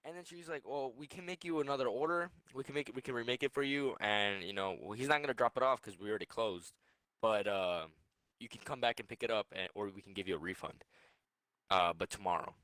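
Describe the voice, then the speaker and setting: A man's voice: mid-range voice, quick pace, fairly bright tone, no room sound. A young man co-hosting a podcast, telling a rambling, swearing story in casual chat. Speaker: podcast co-host.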